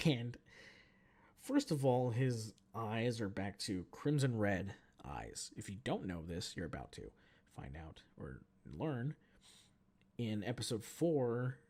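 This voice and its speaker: A man in his twenties hosting a podcast, telling a story as a profane, animated casual rant. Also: fairly low pitch. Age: 20s. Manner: animated, profane, jumps between mumbling and shouting. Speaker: podcast host.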